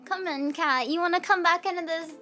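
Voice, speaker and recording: Wrapping up her stream, this Southern-accented young American VTuber giggles and rambles through casual chat with her viewers. She speaks a little fast in an extremely high pitch. Faint background music plays in the hot room at home where she sits.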